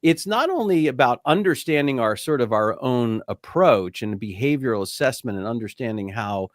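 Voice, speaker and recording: Middle-aged host guy, mid pitch, dry close mic, chatty and reflective. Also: expressive, moderate pace, no room sound. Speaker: host, company CEO. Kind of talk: business podcast interview.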